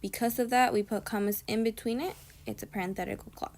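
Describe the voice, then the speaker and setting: A woman's voice: fairly high pitch, fairly even intonation, quick pace, hardly any pauses, darkish tone. Chatty young woman tutoring grammar. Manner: chatty, repeats points, frequent "right?" checks. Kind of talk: casual explanatory lesson.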